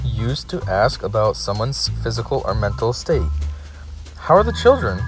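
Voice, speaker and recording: Lively-voiced man reading definitions aloud. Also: fairly low pitch. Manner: reads definitions flatly, breaks off to complain and laugh. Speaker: video host reading dictionary definitions. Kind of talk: casual solo video, reading aloud.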